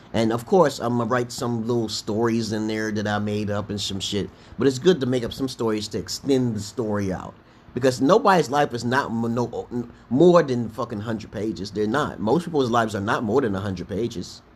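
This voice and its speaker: A man's voice: medium pitch, moderate pace, a little hiss or hum. A middle-aged man from Brooklyn with a New York accent, chatting casually on a livestream, rambling and profane, often tagging "okay?" on his lines. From Brooklyn, New York, USA. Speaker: livestream host. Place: home livestream.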